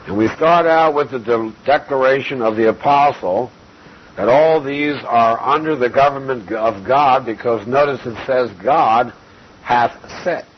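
A man delivers a methodical expository Bible lesson, working through the text verse by verse at an unhurried, measured pace. His voice sits at an ordinary middle pitch. The recording is dull and lo-fi with a faint hiss underneath. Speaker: Bible teacher.

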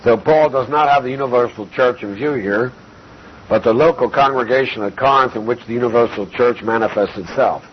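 A man's voice: medium pitch, husky. Man teaching scripture on a dull recording. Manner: measured, methodical, quotes scripture verse by verse. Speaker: Bible teacher. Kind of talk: expository Bible teaching. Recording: dull lo-fi recording with faint hiss.

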